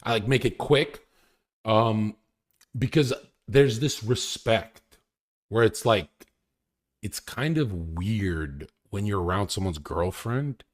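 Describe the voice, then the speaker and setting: A livestreamer, a young man, goes on a loose, casual rant full of crude brags and frequent laughs, his pitch jumping all over the place.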